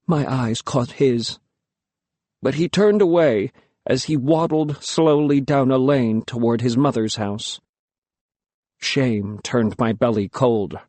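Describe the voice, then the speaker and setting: A man's voice: medium pitch, slow, a little mellow, no echo. A man narrating an audiobook in the first person, telling the story expressively and without hurry.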